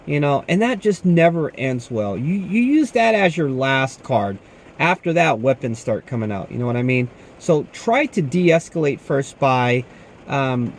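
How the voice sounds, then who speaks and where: Young male security guard, easygoing storyteller, slightly high voice. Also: a little hiss or hum. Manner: laid-back, says "man" often, tells stories with quoted dialogue. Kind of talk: casual talk to camera.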